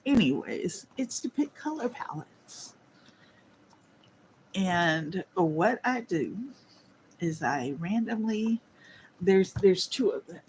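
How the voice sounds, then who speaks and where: A woman drawls slowly through a casual livestream, yawning now and then and calling her viewers y'all. She talks into a phone on a holder at a craft table, with a faint hum of room ambience behind her. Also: lowish voice, expressive, a little mellow. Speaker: livestream host.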